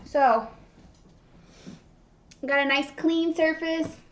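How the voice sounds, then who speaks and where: A woman's voice: sits high, steady tone, extremely slow. A young woman hosting a live baking demonstration, chatty and bubbly as she talks to her viewers from a kitchen. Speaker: baking show host. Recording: dull lo-fi stream audio.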